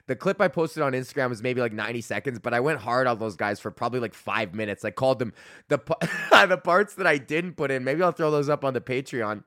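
A young man from Alberta talks through his week as a podcast host, loose and profane, breaking into laughs and trailing off mid-thought. His voice sits at an ordinary middle pitch for a man. The sound is dry and close, with no room around it. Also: lively intonation, fast, sharp tone, no room sound. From Alberta, Canada. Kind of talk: casual rambling monologue.

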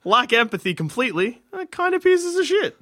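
Wry young man, bright voice. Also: extremely high pitch, sing-song, a little fast, no echo. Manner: dry, mocking jokes. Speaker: podcast co-host. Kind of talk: casual comedic chat.

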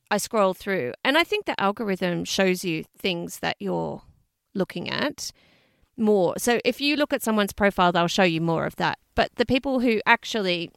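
A woman's voice: medium pitch, gravelly, a bit bright, clean tone, no echo, studio quality. An Australian woman co-hosting a podcast in casual chat, chatty and laughing often, swearing freely. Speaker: podcast co-host.

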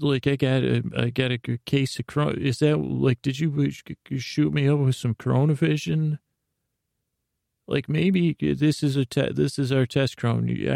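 A man's voice: mid-range voice, gravelly, a little mellow, no room sound, studio quality. A man hosting a podcast, rambling through a self-deprecating improvised comic monologue full of restarts. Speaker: podcast host.

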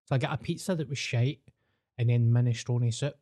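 A man's voice: medium pitch, brisk, dark tone. Laid-back Glaswegian man, dry anecdotes. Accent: Glaswegian Scottish. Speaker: podcast co-host. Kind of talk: casual comedy chat.

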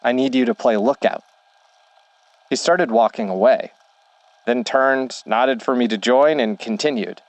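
A man narrating a horror story in a slow, measured way. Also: mid-range voice, no room sound.

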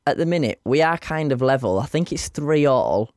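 A man's voice: medium pitch, expressive, moderate pace, a little mellow, no room sound, studio quality. A man with a Northern English accent co-hosting a podcast in casual chat, playful and teasing, laughing a lot. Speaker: podcast co-host.

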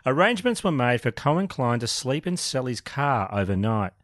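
A man's voice: medium pitch, very animated, moderate pace, a bit bright, no room sound, clean studio sound. A man co-hosting a true crime podcast, telling the story steadily with light jokes. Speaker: podcast co-host.

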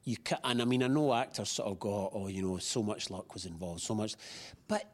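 Chatty man with a low voice. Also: fairly quick. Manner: chatty, rambling with many restarts and fillers. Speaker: actor being interviewed. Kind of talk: casual interview chat.

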